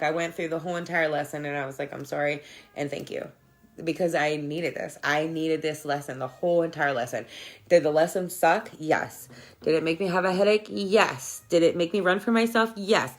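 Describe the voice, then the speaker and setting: A woman with a lowish voice hosts a casual spiritual livestream. She talks candidly and swears plenty, laughing often as she answers viewers' comments.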